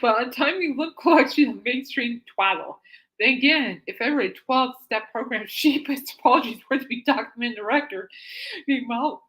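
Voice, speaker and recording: A woman's voice: a little high, a little fast, fairly bright tone. Giggly woman podcast host, reads articles aloud with amused asides, snort-laughs.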